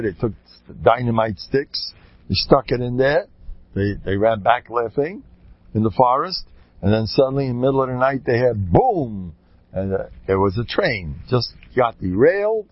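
Gravelly man rambling through jokey stories. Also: lowish voice, dry recording, muffled recording. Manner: digressive, joking, many restarts. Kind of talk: rambling anecdotal talk with jokes.

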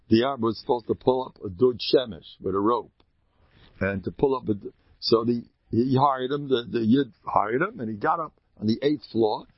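A man speaking as a rabbi, telling stories in a lively Torah talk and acting out characters with sudden loud outbursts. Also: breathy edge, dry recording, dull audio. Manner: animated, acts out characters with sudden high shouts.

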